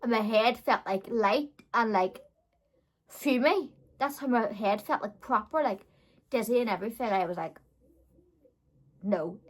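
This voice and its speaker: A woman's voice: fairly high pitch, moderate pace. A woman telling a casual storytime vlog as a beauty vlogger, chatty and giggly, peppering her talk with fillers.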